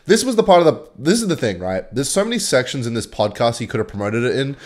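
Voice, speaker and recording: A young Australian man hosting a casual commentary vlog on online drama, animated and chuckling, with casual swearing. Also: mid-range voice, fast. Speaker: host.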